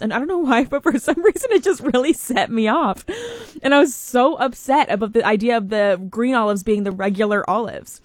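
Young woman radio host, kinda high voice, dry studio mic, chatty and filler-heavy. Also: fairly quick, no room sound. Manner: chatty storytelling, laughs easily, lots of fillers. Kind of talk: casual radio chat. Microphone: studio microphone.

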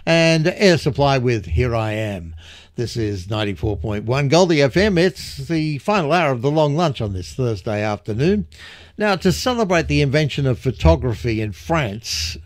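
Chatty radio presenter, dry studio sound. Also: male voice, mid-range voice, expressive, normal speed, dry recording. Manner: chatty, jokey asides. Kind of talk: casual radio patter.

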